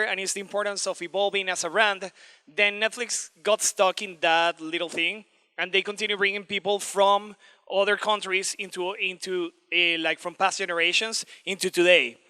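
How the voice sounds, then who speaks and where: A man presents his work in a casual, upbeat way. His voice is high and bright, with a crisp, clear tone. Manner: casual, enthusiastic, with filler "eh". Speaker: creative director giving a talk. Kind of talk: presentation to students.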